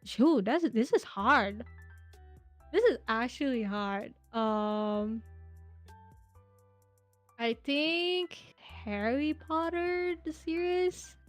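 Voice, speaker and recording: A young woman, a podcast guest, chatting casually with many pauses and laughs as she thinks aloud. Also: high voice, lively intonation, soft background music. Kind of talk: casual interview chat.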